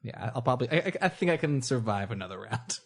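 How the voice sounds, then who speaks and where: A woman's voice: a bass voice, lively intonation, fast talker, breathy edge. A woman playing a tabletop game who laughs often and makes fun of herself. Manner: giggly, self-mocking. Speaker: player. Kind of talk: casual tabletop game play.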